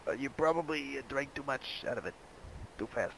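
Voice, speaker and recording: A man's voice: medium pitch, expressive, brisk, creaky, a bit bright, slight background noise, low-quality recording. A man chatting in an easygoing way over in-game voice chat. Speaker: game player. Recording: music in the background.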